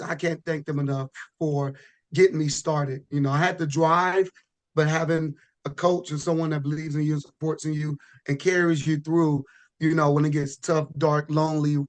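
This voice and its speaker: A man talking as a podcast guest in a relaxed, rambling way, often restarting his sentences. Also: fairly high pitch. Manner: relaxed, rambling with frequent restarts and "you know". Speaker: podcast guest, pro bodybuilder. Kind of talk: casual podcast chat.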